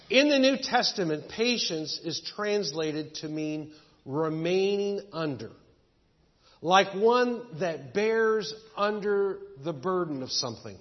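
A pastor telling folksy stories and jokes while preaching a sermon to his congregation. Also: high voice. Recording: dull echoey church recording.

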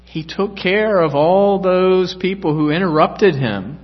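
A man reading aloud, voicing a gentle, merciful, disembodied voice that speaks kindly. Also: high voice, takes it slowly, husky, pitched above the performer's own voice, heavily acted. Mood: pleading. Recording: echoey church hall, dull lo-fi sound.

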